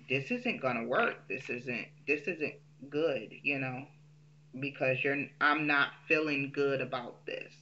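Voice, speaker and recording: A woman's voice: sits low, pushed and bright, highs cut off. A woman telling a personal story in a casual, candid way, with frequent um fillers.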